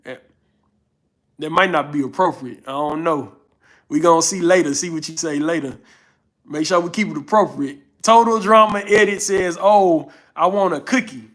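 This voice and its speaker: This livestream host is a laid-back man in his thirties from Houston, Texas, with a drawling Southern accent that blends northern Louisiana and Houston. His voice runs slightly high for a man, and at a moderate pace he reads comments aloud and frequently thanks viewers.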